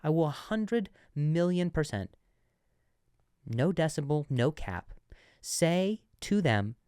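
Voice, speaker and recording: A man who stutters, hosting a comedy podcast and telling animated, self-mocking stories. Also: a little high, slow, smooth, no echo, clean studio sound. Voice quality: stutter, frequent repeated words. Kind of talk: comedic storytelling.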